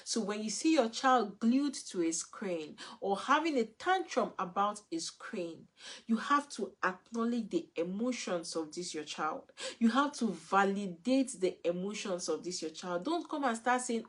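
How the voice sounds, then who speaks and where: A woman's voice: mid-range voice, lively intonation, unhurried. A woman, giving an earnest, repetitive live talk as a parenting coach.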